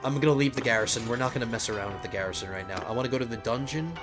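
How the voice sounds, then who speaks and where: Excitable let's play host, mid-pitched man, casual thinking-aloud commentary over game music. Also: racing. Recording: game music playing under the voice.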